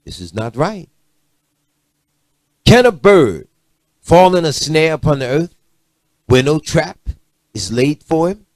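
Man, sermon, middle-aged, lively swooping voice, slightly high, emphatic. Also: slow, pauses often, no echo. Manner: preachy, rising to shouts and dropping to low asides. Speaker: preacher.

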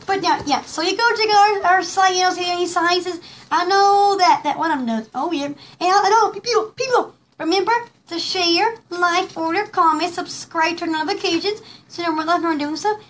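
A woman with a very high, slightly bright voice hosts a casual live showcase of pearl jewelry. She gushes and giggles, rambling along with plenty of fillers.

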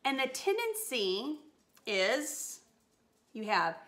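A woman's voice: on the high side, very animated, slow pace, a bit bright, soft background music. A woman voice teacher giving a singing lesson, upbeat and encouraging as she coaches a phrase.

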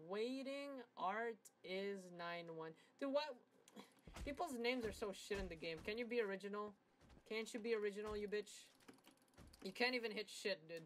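A young woman giving casual gameplay commentary, swearing and trash-talking rivals crude and loud, with bursts of laughter. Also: medium pitch, slight background noise. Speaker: gaming commentator.

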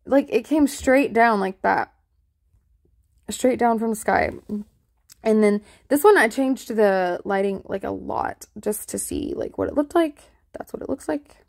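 Woman, vlogger, casual rambling chat, giggly, middle pitch. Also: expressive, unhurried, creaky. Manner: giggly, chatty, trails off often. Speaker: spiritual vlogger showing sky photos.

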